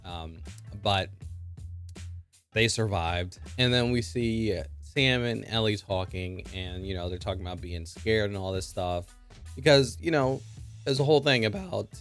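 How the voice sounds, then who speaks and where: A man casually recapping a TV episode in an excitable way, full of filler words. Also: lowish voice, unhurried, smooth, soft background music. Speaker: show reviewer.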